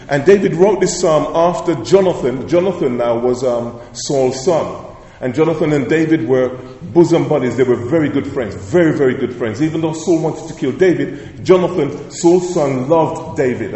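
A man's voice: fairly high pitch, warm tone. A male pastor preaching a sermon with emphatic declarations, repeated phrases and rhetorical questions, in a church. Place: church sanctuary. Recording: echoey church hall with long reverb.

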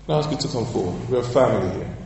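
A man preaching a sermon as pastor, emphatic and calling out for responses, drawing key phrases out slowly and repeating them. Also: mid-range voice, animated, darkish tone, far from the mic, slight background noise. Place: church sanctuary. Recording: echoey church hall, voice from afar.

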